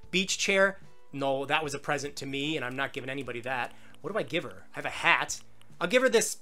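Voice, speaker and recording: Man, gaming host, excitable, jokey, lively swooping pitch, faint background music. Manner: excitable, jokey, talks to game characters. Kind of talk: casual gameplay commentary. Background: faint game music.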